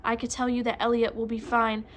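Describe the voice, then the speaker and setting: A commanding vampire high priestess from a storybook, as a woman reads her, solemn and tense. She speaks in a fairly high, even voice that hardly rises or falls, with faint hiss in the background. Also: brisk, natural voice.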